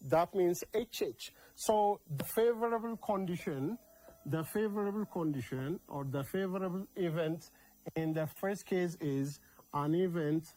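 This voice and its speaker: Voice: mid-range voice, a little mellow, poor audio. A math teacher with an Ethiopian accent giving a recorded lesson, repeating key words and checking in with "okay?" after each step.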